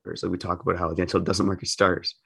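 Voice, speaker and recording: A man with a hoarse voice from a cold, chatting casually and swearing easily as a podcast co-host. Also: low-pitched, little pitch movement, fast talker, a bit bright, no room sound, clean studio sound. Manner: laid-back and conversational, swears casually.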